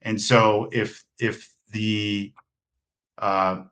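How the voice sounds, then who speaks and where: Man with a lowish, halting voice. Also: flat delivery, a bit bright. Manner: halting, many restarts and fillers. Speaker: consultant guest on a webinar. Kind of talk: unscripted expert commentary.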